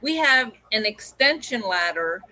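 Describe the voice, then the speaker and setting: A woman's voice: a little high, a little slow. A middle-aged woman co-hosting a pet hobby live stream, chatting casually and acting out quoted lines as she tells a story. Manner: animated, acts out quoted dialogue.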